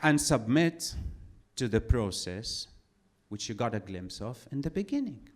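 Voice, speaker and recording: Animated, sardonic male stand-up comic. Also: mid-range voice, measured pace. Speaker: stand-up comedian. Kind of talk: stand-up comedy set.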